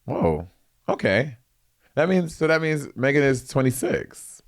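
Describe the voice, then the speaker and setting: A chatty man in his thirties co-hosting a casual podcast. He breaks into laughter easily and throws in animated asides. His voice has an ordinary male pitch. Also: a little slow. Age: 30s. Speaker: podcast co-host. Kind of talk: casual chat.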